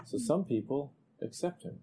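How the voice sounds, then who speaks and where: A male preacher giving a conversational expository sermon, growing animated when he reads scripture aloud. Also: a little high, normal speed, noisy background.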